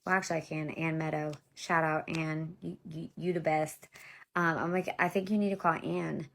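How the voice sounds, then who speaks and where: A woman's voice: deep voice, fairly even intonation, normal speed, gravelly, fairly bright tone, slight background noise. A woman in her thirties telling her own story to viewers in a blunt, profane, exasperated way, talking straight to them. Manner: addresses viewers directly as y'all. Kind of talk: casual storytime monologue.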